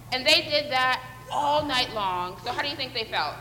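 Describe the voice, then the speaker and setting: A woman with a high, bright voice leads children through a playful, acted-out Bible lesson. She coaxes them along with questions and pretend actions. Her voice rings around a large church sanctuary with a long, echoing reverb. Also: lively intonation, brisk, few pauses, slight background noise. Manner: playful, coaxing, acts out fishing with the children. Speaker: children's sermon leader. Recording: echoey hall with long reverb.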